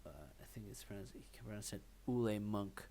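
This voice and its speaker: A man's voice: fairly low pitch, steady tone, fast talker, mellow, slight background noise. A man co-hosting a film podcast, talking in a loose, rambling way with many fillers. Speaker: podcast co-host. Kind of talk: casual chat.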